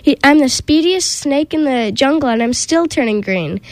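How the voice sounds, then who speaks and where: A woman voicing an eager young male python in a storybook read-aloud, with quick, excited delivery. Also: sits high, no echo.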